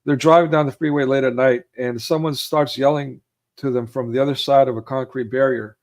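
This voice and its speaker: A man's voice: mid-range voice, fairly even intonation, brisk. A man in casual conversation, recalling favorite film scenes and laughing easily as he talks. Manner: retells film scenes, acting out quotes with raised voice; laughs easily, many fillers. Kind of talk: casual chat about films.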